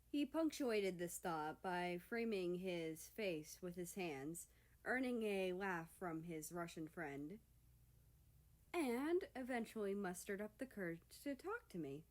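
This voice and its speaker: A woman narrating a fan fiction story in an expressive, steady reading voice. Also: fairly low pitch, slow. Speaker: story reader.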